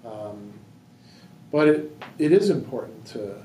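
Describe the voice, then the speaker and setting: A man's voice: mid-range voice, lively intonation, slow pace, mellow. A man leading a book discussion in a library room, thinking aloud with many fillers and restarts. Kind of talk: casual discussion. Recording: roomy hall, distant mic, faint noise.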